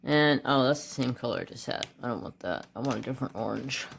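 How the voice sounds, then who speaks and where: A man hosting a craft channel, telling a rambling childhood story in a casual way while he colors, muttering to himself over which color to pick and getting animated at the exciting parts. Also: mid-range voice, fast talker, creaky, slight background noise. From United States.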